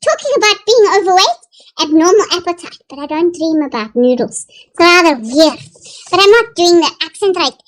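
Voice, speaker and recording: A woman's voice: extremely high pitch, expressive, moderate pace, pitched above the performer's own voice, rough recording. A woman putting on a Scottish accent and theatrically reading dream meanings aloud. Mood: playful. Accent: put-on Scottish.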